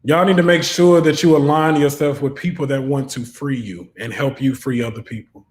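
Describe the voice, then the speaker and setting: A man's voice: medium pitch, steady tone, moderate pace, a little mellow. A man giving an online tarot reading who talks in a preachy, fervent way and often rises into exhortation. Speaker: tarot reader. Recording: roomy echo.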